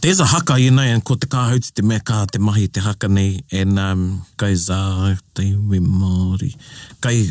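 Low-voiced New man, engaged learner. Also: steady tone, moderate pace, darkish tone, no echo, studio quality. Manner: engaged, offers examples, many short "mm" replies. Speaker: learner in a language class.

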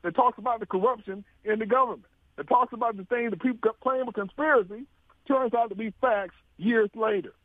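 A man with a notably high voice talks politics on the radio with emphatic rhetorical questions and frequent laughs. The sound is dry and thin, like a phone line. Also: fairly quick, dry recording. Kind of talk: casual political talk radio chat.

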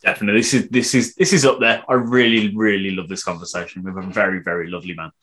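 A man's voice: fairly low pitch, flat delivery, quick pace, a bit bright. A man co-hosting a podcast, chatting with enthusiasm and reading a guest introduction earnestly. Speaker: podcast co-host. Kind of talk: casual podcast chat and scripted intro.

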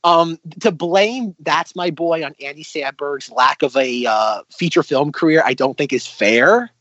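A man's voice: a little high, measured pace, dry recording. Man, podcast co-host, casual movie chat, dry lo-fi sound. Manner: animated, retells scenes with voices. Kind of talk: casual film discussion.

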